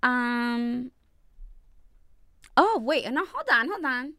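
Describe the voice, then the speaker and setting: A young woman co-hosting a casual livestream chat from a home studio, animated and slangy, laughing as she talks. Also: on the high side, very slow, dry recording. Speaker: podcast co-host. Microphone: studio mic.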